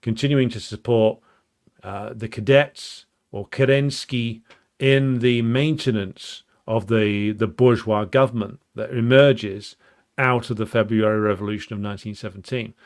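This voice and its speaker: A man's voice: fairly low pitch, fairly even intonation, measured pace. A man giving an unscripted, explanatory talk on political history, thinking aloud with frequent ums and restarts and a blunt, emphatic edge. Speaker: political commentator.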